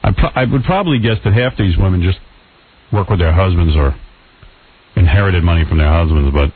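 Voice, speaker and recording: Husky-voiced male radio host, lively. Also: sits low, a little fast. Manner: joking, sarcastic banter. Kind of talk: casual radio talk. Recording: thin phone-like broadcast audio.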